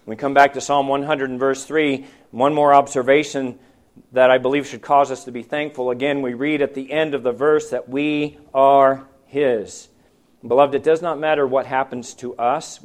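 A man preaching a sermon, posing questions to the congregation and swinging between loud, emphatic lines and hushed, quiet ones. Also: mid-range voice, steady tone, measured pace. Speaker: pastor.

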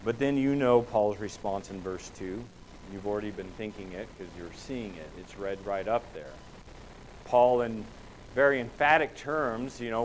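A man's voice: medium pitch, measured pace, slight background noise, poor audio. A man preaching a sermon in a church, asking rhetorical questions and pushing his voice up for emphasis. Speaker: pastor.

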